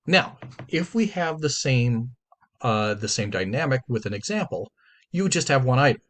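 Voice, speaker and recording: A man's voice: medium pitch, sing-song, moderate pace. A man teaching a writing class, lecturing in a conversational way and repeating and stressing his key points.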